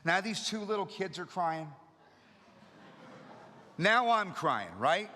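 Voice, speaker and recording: Middle-aged guy sharing his story at a meeting, bright punchy voice, big echoey hall. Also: sits high, slow. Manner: energetic, humorous storyteller. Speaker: recovery meeting speaker. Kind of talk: storytelling talk to an audience. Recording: long reverb of a hall.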